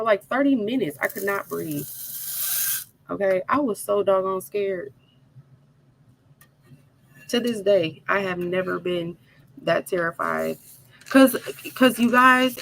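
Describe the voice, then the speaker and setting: A woman hosting a crafting video, telling an animated, dramatic story straight to her viewers while she works. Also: medium pitch, gravelly, slight background noise, poor audio. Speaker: crafting channel host.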